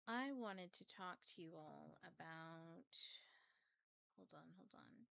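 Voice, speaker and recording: A woman's voice: deep voice, slow, vocal fry, fairly bright tone, no echo. A woman hosting a casual livestream, flustered and chatty. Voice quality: craggly. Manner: flustered, chatty, swears, laughs often. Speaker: host.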